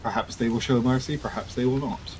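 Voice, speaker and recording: A man playing a slow, cold lawman adventurer. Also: mid-range voice, steady tone, a little mellow, a little hiss or hum, close to an everyday voice, low-quality recording. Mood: stern. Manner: slow and deliberate, indifferent. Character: cold, stern male adventurer upholding the law.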